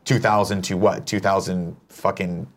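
A man's voice: low-pitched, flat delivery, moderate pace, a little hiss or hum. A man hosting a morning show, chatting casually and animatedly, swearing freely. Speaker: show host. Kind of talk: casual chat.

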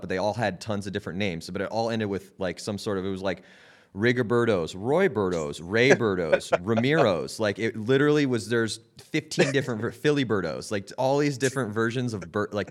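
A young man hosting a podcast, with a lowish voice. He tells stories animatedly, laughs often and acts out what others said in quick little voices. Easygoing, chatty delivery. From San Diego, California. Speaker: podcast host. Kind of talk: casual chat.

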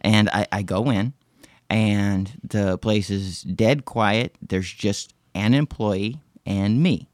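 A man's voice: fairly low pitch, slow, darkish tone, no echo, studio quality. A man casually telling a story on a podcast, rambling and profane, with many restarts and fillers. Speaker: podcast host.

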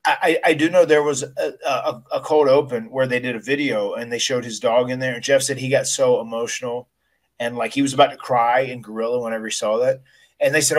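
A retired wrestler who hosts a podcast retells a story in a casual interview, his mid-range voice steady in tone. He speaks haltingly, restarting often, as he recalls events with emotion.

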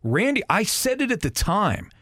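A man's voice: high voice, huge pitch swings, moderate pace, sharp tone, dry recording, clean studio sound. A man hosting a sports talk show, arguing his points emphatically and repeating them for stress. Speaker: sports radio host.

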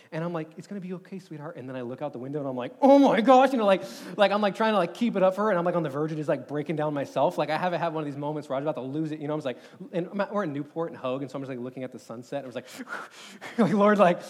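Fast, animated young man preaching. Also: fairly high pitch. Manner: animated, rambling, lots of filler words. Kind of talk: sermon storytelling. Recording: long hall reverb.

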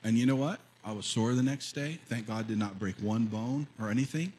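A man in his fifties preaching a sermon as pastor, telling a story and then rising to loud, fervent preaching. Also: mid-range voice, fairly quick, slight background noise, rough recording. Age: 50s.

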